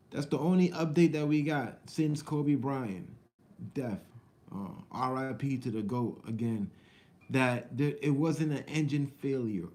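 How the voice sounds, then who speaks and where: A man's voice: medium pitch, darkish tone. A man hosting his own channel, chatting casually and rambling straight to his viewers, repeating himself often. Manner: rambling, repetitive, talks to viewers directly. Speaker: vlogger and channel host. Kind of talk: casual live-stream chat.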